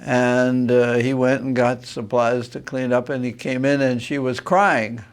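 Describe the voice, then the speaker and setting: A man, a Jesuit priest, giving a reflective teaching talk on marriage, thoughtful and unhurried, pausing to find his words. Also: medium pitch, level tone, clear, resonant tone. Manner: unhurried, thoughtful, pauses with filler sounds. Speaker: Jesuit priest and retreat master.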